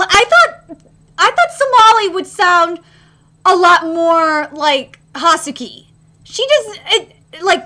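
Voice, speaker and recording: Watching an anime episode live, a young woman reacts excitedly and swears freely. Her voice swings from loud squeals to low grumbles.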